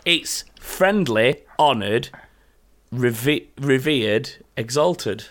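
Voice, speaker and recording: A man's voice: mid-range voice, animated, extremely slow, fairly bright tone. A man, a podcast host chatting casually and telling stories. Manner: chatty, laughing, storytelling. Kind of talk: casual chat.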